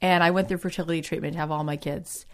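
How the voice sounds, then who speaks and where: Animated woman hosting a chat. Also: fairly low pitch, fast. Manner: animated, emphatic storyteller. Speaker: podcast host. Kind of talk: casual chat.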